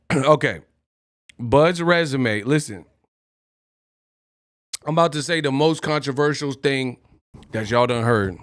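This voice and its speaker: A man's voice: mid-range voice, slow, long pauses, fairly bright tone, dry recording, clean studio sound. A man hosting a boxing live stream, joking and laughing often as he does impressions. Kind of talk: casual live-stream commentary.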